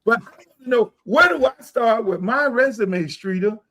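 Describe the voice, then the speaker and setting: Guy hosting a podcast, loud, cussing, bragging, kinda high voice. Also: expressive, normal speed. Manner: loud, profane, boastful ranting. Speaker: podcast host. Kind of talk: heated casual talk.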